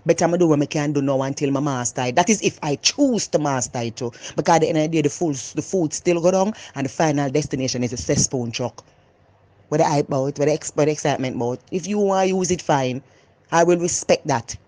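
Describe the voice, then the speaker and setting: A woman with a Jamaican accent, talking loudly and animatedly in a casual, opinionated vlog monologue. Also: sits low, fast talker. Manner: animated, loud and emphatic. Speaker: vlogger.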